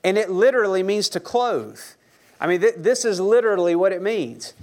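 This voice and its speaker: Man, young pastor, preaching sermon, chatty and joking, slightly high voice, quizzes the congregation. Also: moderate pace, a little mellow. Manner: conversational, joking, asks the audience questions.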